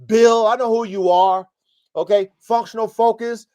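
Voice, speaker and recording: A man's voice: sits high, fairly even intonation, normal speed, a little mellow. A man hosting a live podcast, coaching dog breeders in a blunt, profane, fired-up way. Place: home studio, live stream.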